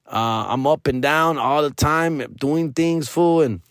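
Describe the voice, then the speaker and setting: A man's voice: a little high, takes it slowly, dry recording, clean studio sound. A man in his forties telling a casual story, full of slang and tossing in Spanish now and then. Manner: slangy, peppers talk with "dog" and "bro"; switches into Spanish mid-story.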